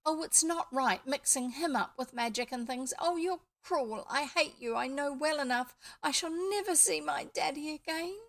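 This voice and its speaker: A woman's voice: high-pitched, animated, moderate pace, voice pushed up. A woman voicing a timid, emotional young girl. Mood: distraught. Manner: timid, tearful.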